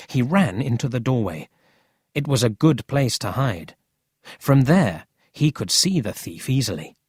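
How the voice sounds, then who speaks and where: A narrator reading a storybook slowly for English learners. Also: mid-range voice, a little mellow, husky, dry recording, studio quality.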